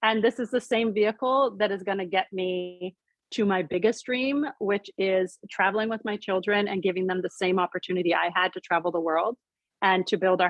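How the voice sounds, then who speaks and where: A woman's voice: fairly low pitch, gravelly, dry recording, poor audio. A woman sharing her personal story on a video call, earnest and heartfelt, with many "like" fillers.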